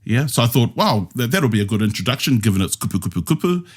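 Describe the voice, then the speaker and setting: A man's voice: mid-range voice, big pitch swings, fast. A man with a New Zealand accent leading a language discussion, explaining patiently step by step and checking in with his listeners. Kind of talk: explanatory teaching chat.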